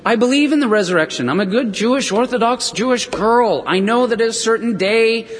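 A man's voice: expressive, fairly quick. A man voicing an exasperated, devout woman who pleads with a close friend during a sermon. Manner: pleading, exasperated, raises pitch. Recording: long reverb of a large hall.

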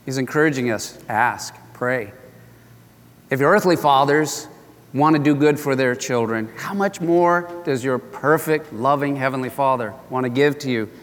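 A man's voice: mid-range voice, moderate pace, in a large hall. An older man preaching as a pastor, telling a story in an earnest, conversational way. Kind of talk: sermon with storytelling.

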